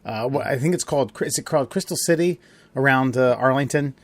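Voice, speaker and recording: A man's voice: medium pitch, fast talker. A man hosting a casual podcast chat, rambling and profane, often laughing. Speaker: podcast host.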